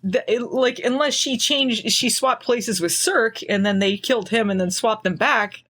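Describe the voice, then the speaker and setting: A woman's voice: a little high, normal speed, a bit bright. A woman hosting a podcast, recapping a TV episode in casual, sarcastic chat and laughing often. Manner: sarcastic, laughing, acts out quotes. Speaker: podcast host.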